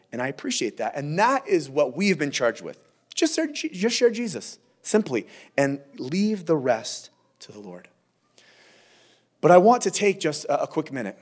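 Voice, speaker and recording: A male pastor giving a verse-by-verse sermon, earnest and emphatic, dropping to a low hush on key points. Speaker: lead pastor.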